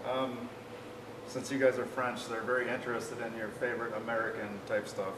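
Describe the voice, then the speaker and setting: A man interviewing a band singer in a relaxed, casual way, reading out questions sent in by fans. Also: mid-range voice, brisk, recorded from a distance, noisy background. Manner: relaxed, reads out fan questions. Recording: echoey, off-mic, loud music behind.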